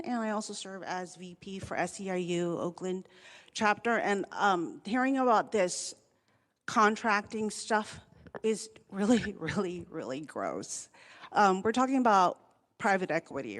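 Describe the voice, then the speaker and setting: A union chapter vice president and occupational therapist giving an earnest public comment at a board meeting. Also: female voice, mid-range voice, a bit bright. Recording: long hall reverb.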